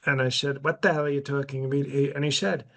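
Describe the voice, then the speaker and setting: A man playing a brash, boastful elderly president on a comedy podcast, rambling deadpan with constant self-interruptions. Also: medium pitch, fast, vocal fry. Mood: smug. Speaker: podcast host in character.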